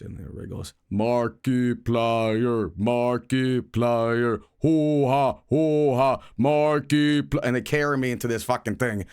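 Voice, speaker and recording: A man's voice: deep voice, creaky, a little mellow, no echo, studio quality. A man streaming live, chatting casually about a movie he saw, with rambling, profane, joking storytelling.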